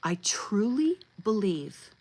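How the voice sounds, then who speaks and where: A woman's voice: mid-range voice, sing-song, slow, a little mellow, low-quality recording. A woman in her fifties hosting a livestream, talking bluntly and emphatically and swearing freely. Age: 50s. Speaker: host. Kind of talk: impassioned livestream monologue.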